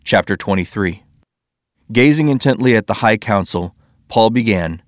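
A man reading scripture aloud in a steady, measured way. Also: lowish voice, no echo, clean studio sound. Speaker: scripture reader.

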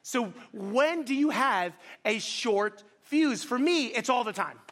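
A middle-aged man delivering a sermon with a fairly high voice. He tells stories about himself in an animated, quick, self-mocking way, acting out little scenes as he goes. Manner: fast-talking, animated, self-deprecating storytelling. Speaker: pastor.

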